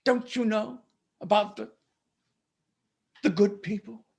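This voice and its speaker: A man voicing a scheming noble woman who speaks in a coaxing, hushed, sinister way. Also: sits high, fairly even intonation, slow, vocal fry, voice pushed up, full character voice.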